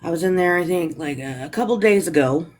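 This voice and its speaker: A guest joining a livestream call, speaking hesitantly and gently with many fillers. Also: mid-range voice, brisk. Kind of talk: casual chat.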